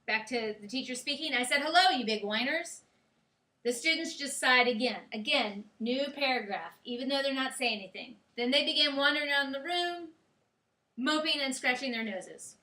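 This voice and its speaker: Woman teacher lecturing a class; high, bright voice in a roomy, echoing classroom. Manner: explanatory, checks in with students. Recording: echoey classroom.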